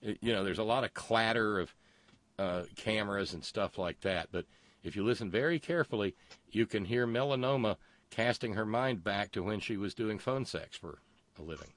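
A man's voice: fairly low pitch, normal speed. A man hosting a casual talk show, telling stories with a sardonic edge. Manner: sardonic, animated storyteller. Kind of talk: casual radio banter.

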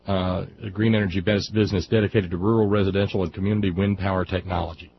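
A man's voice: low voice, fairly even intonation, fast talker, gravelly, highs cut off, slight background noise. A man hosting a casual radio talk show, speaking with lots of fillers and dry jokes. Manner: drawling, filler-heavy, jokey. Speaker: radio host.

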